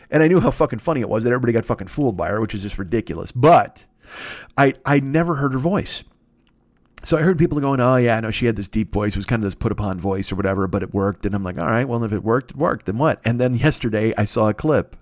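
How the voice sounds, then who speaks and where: A man's voice: mid-range voice, animated, quick pace, a little mellow, dry recording, clean studio sound. A man hosting his own podcast alone, ranting profanely and rambling, often laughing at his own jokes. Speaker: podcast host. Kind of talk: solo comedic rant.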